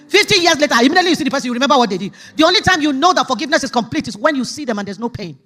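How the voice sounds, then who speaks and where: A woman preaching a sermon testimony, emphatic, jumping from loud outbursts to hushed asides. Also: high voice, expressive, very fast, faint music behind.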